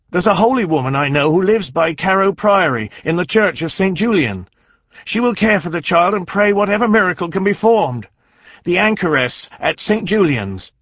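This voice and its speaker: A man's voice: breathy edge, no echo, highs cut off. A man voicing an urgent, furtive male dwarf in a storybook reading. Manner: urgent, high-pitched pleading.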